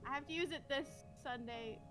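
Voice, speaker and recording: Female player: casual, giggly, hesitant, with music clearly behind her. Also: high voice, fairly quick. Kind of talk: casual tabletop play.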